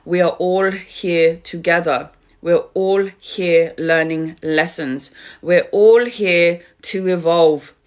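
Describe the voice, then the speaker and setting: A woman's voice: fairly low pitch, fairly even intonation, takes it slowly. A middle-aged woman, a tarot reader, giving a spiritual talk on a live stream, speaking straight to her viewers with emphatic repetition.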